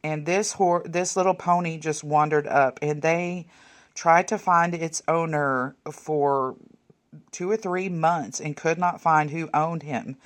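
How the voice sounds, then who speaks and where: A woman, chatting casually while leafing through old photos, rambling and muttering soft asides. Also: low-pitched, steady tone, slow. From Texas. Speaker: vlogger. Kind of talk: casual reminiscing over a photo album.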